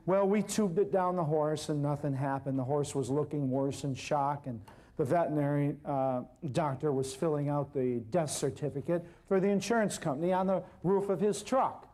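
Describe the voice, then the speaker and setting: Brief: high-pitched male storyteller, animated, acts out every character on stage. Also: moderate pace. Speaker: herbal healer telling a story on stage. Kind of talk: storytelling lecture.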